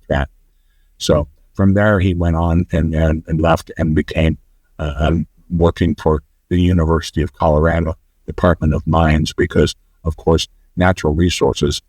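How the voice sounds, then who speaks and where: A man guest on a podcast, telling a rambling story and getting animated when he quotes others. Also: very deep voice, no room sound. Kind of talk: conversational storytelling.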